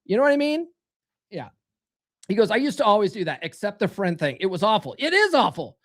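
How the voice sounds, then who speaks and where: Blunt crude guy in his 30s running a dating stream, reads chat out loud, keeps saying brother. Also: high voice, sing-song, a little fast. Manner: blunt, brash, crude, calls listeners brother; mimics others in raised voices. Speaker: dating coach and livestream host. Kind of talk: casual livestream talk reading chat.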